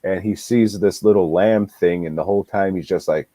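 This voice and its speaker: A man's voice: low voice, normal speed, dark tone, no echo. A man co-hosting a podcast, casually retelling a film with lots of swearing and laughter. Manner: laid-back, swears a lot, laughs while retelling. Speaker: podcast co-host, movie reviewer. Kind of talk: casual movie review chat.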